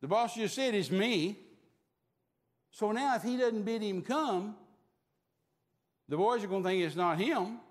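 High-voiced folksy preacher in a hall. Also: male voice, moderate pace, long pauses. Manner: animated, folksy storytelling. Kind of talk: storytelling sermon.

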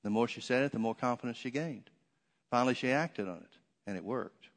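A man's voice: mid-range voice, brisk, long reverb tail. A man preaching a sermon, telling a story and repeating key phrases for emphasis.

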